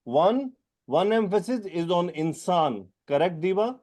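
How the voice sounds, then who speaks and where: The voice sits high, expressive and darkish in tone. It belongs to a male teacher, non-native in English, who quizzes students by name during a Quran grammar lesson and explains terms slowly.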